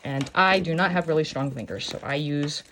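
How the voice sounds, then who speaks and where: A woman talks through a sewing project in a loose, chatty way. She drifts into self-mocking asides and silly jokes. Her voice sits a touch low for a woman. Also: brisk, a bit bright, slight background noise. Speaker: sewing tutorial host. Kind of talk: casual chatty craft tutorial.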